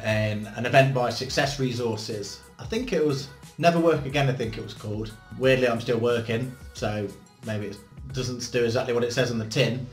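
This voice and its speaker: Chatty man, blunt and swearing. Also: mid-range voice. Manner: chatty, blunt, swears casually, self-mocking jokes. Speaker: channel host, book reviewer. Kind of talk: casual to-camera book review. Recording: roomy echo with faint background music.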